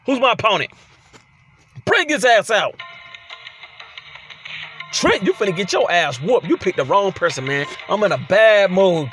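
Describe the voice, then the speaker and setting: A man calls out his game with a very high, piercing, bright voice, trash-talking his rival at full volume. He plays host to his own channel in loud let's-play commentary, and faint music runs underneath. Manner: loud trash-talking, frequent shouted exclamations.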